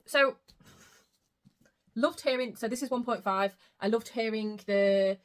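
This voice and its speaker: A young woman who runs a book vlog chats casually about what she has been reading, gushing, getting emotional, and swearing freely. Her voice is a little high and her pace is unhurried.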